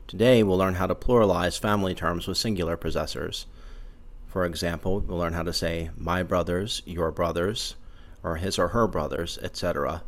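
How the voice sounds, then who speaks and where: A man giving a scripted language lesson, saying each word slowly and twice. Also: sits low. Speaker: language teacher.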